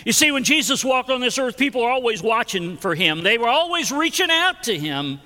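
A man's voice: very high-pitched, sing-song, brisk, bright, forceful tone, big-room sound. A man preaching a sermon, emphatic and repetitive, with folksy storytelling asides.

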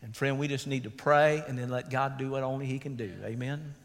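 A man's voice: mid-range voice, steady tone, brisk. A man, a pastor preaching an earnest sermon and calling out to the congregation. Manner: earnest preaching with calls of "Amen?". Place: church sanctuary. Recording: long church reverb.

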